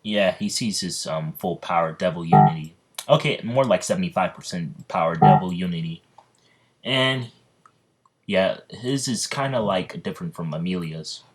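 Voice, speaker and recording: A man's voice: sits low, expressive, moderate pace, slightly rough. A man casually narrating a fan story in a rambling way, with many restarts. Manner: rambling, full of fillers and restarts.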